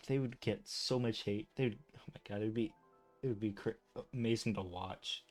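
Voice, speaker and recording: A man reads game lore aloud, often stumbling over words and restarting, then drifting into chatty, self-deprecating asides. His voice is lowish and moderately paced, with faint music behind him.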